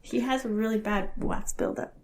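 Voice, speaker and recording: A woman in her thirties co-hosts a casual podcast, chatty and quick to laugh. Her voice sits a little high, and she acts out little quoted voices as she tells stories. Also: steady tone. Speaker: podcast co-host. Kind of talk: casual chat.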